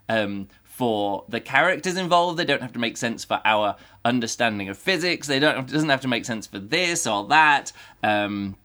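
A man hosting a casual solo book podcast, rambling with lots of fillers and bursting into animated exclamations. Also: mid-range voice. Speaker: podcast host reviewing a book.

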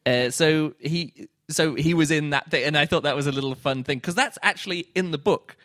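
A man's voice: on the high side, fairly quick, fairly bright tone, dry recording, studio quality. A man co-hosting a podcast, chatting casually and rambling about a film. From native English speaker living in Germany. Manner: chatty, rambling, quotes people in little put-on voices. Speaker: podcast co-host.

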